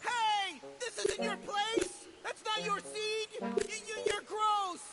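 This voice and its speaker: A shrieking tree man, very high. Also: flat delivery, takes it slowly, full character voice. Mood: furious. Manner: screams possessively, swearing constantly. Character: shrieking territorial tree-dwelling man, furious. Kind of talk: comedy video game voice acting. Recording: game audio under loud soundtrack music.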